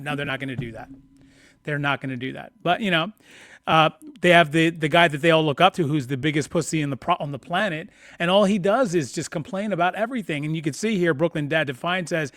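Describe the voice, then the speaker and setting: Man, ranting political streamer, mocking and profane, fairly high voice, dry close sound. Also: quick pace, dry recording. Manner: mocking, profane, animated rants.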